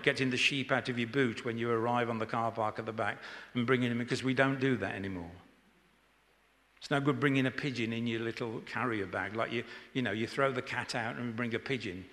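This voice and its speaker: A man's voice: medium pitch, steady tone, fairly quick, fairly bright tone. A man preaching an informal sermon in church, chatty and joking with the congregation. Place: church hall. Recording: echoey church hall.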